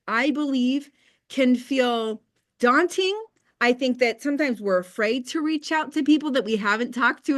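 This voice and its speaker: A woman in her thirties hosting a casual motivational team call, chatty and candid, with quick asides and faith talk. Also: on the high side, no room sound, clean studio sound.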